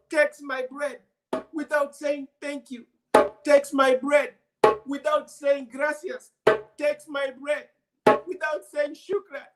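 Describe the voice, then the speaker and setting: A man's voice: exaggerated voice, poor audio. A man voicing a village woman in a folk tale who complains in a raised, indignant voice. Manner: high, indignant repetitions. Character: indignant village woman, then a joyful mother.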